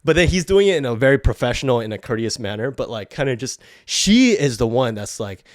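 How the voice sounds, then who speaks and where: A man's voice: mid-range voice, big pitch swings, a little fast, dry recording, clean studio sound. A man hosting a podcast, telling a story in a blunt, profane, heated rant. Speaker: podcast host. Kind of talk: ranting storytelling.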